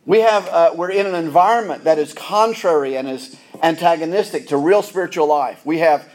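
A middle-aged man preaches to his congregation in a somewhat high voice. He is earnest and often doubles back, repeating a word before he finds the rest of his sentence. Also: moderate pace, darkish tone. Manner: earnest, repeats words and restarts phrases. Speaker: pastor. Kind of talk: sermon.

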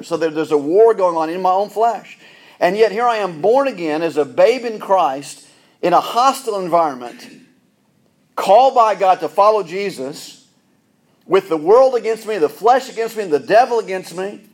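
A middle-aged pastor preaching a sermon, earnest, often repeating words as he restarts phrases. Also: high-pitched.

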